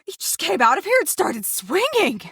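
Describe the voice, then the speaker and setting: Lively woman playing a tabletop game. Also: extremely high pitch, normal speed, no room sound, studio quality. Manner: expressive, laughs often. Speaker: player.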